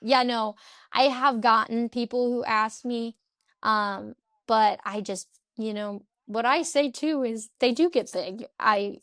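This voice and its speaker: A woman's voice: a little high, slow pace, a bit bright, no room sound, clean studio sound. A young woman from Central Illinois, a cattle breeder and interview guest, chatting casually and laughing often as she tells stories. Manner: giggly storyteller, acts out quoted voices.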